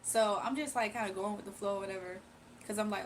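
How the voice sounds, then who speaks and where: A woman's voice: mid-range voice, steady tone, fast talker, a little hiss or hum, low-quality recording. Tired young woman rambling on her stream, confiding, kinda slangy. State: sleepy and tired. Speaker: livestream host. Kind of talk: casual storytelling on a livestream.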